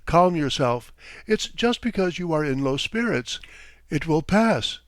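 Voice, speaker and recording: Man doing a timid middle-aged mother, anxious, tearful, higher and louder voice, dry close sound. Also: expressive, measured pace, no echo. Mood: soothing. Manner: alarmed, tearful, soothing. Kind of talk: audiobook character voice.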